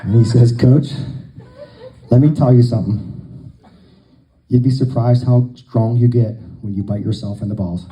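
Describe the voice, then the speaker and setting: A man's voice: mid-range voice, fairly even intonation, moderate pace, pauses often, mellow, slight background noise, rough recording. A man telling long jokes to a live crowd, a folksy storyteller who acts out the dialogue.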